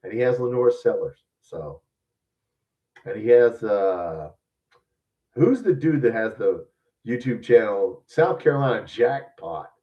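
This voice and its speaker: He speaks a little slowly, pausing often, in a lowish voice with lively intonation. The Louisiana podcast host gives blunt, profane, rambling sports opinions in casual talk, recorded far from the mic with lo-fi sound.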